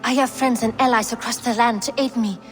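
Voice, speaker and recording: A bold woman merchant, voiced by a woman, speaks forthrightly with a fairly high pitch. A long reverb trails her voice, with soft music behind. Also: fairly even intonation, fairly quick, lightly acted. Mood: defiant. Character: freed captive woman merchant, bold and defiant. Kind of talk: video game voice acting.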